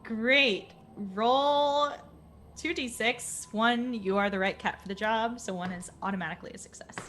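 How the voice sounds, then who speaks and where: A woman's voice: fairly high pitch, a little slow, a bit bright, a little hiss or hum. A woman running a tabletop game as game master, describing scenes in a storytelling manner.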